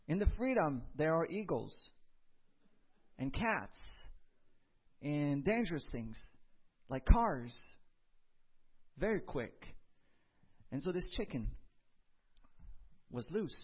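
A man's voice: a little high, husky, highs cut off. A man preaching a sermon, telling a personal story with comic asides and building to emphatic preaching. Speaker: pastor.

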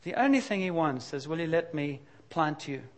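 On the high side and expressive, this middle-aged man's voice carries a sermon at a moderate pace. The pastor talks in a candid, confessional, conversational way, with sudden emphatic bursts.

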